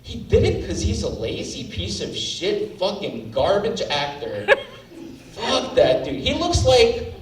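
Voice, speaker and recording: A man's voice: high voice, sing-song, takes it slowly. Ranting, outraged standup comic man. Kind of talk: standup set. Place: comedy club stage. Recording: roomy live venue, mic at a distance, faint ambience.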